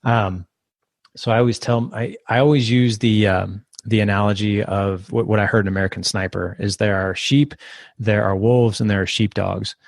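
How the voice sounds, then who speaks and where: A man in his thirties speaks as a podcast guest, his voice sitting a little low. He rambles and restarts as he tells his story. The sound is dry and close. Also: normal speed, gravelly, dry recording. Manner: rambling, restarts, animated when quoting. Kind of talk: casual storytelling interview.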